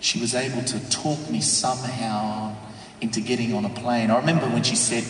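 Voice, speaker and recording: A man giving an emotional testimony from a stage, telling his story in hushed tones and sudden shouts. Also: mid-range voice, fairly even intonation, normal speed, a little hiss or hum. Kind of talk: dramatic testimony to an audience. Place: stage in a large venue. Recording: echoey hall from far off.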